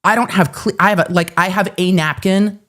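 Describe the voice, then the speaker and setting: A woman host telling a personal story in casual livestream chat, animated and self-mocking, with some swearing. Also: lowish voice, fairly quick.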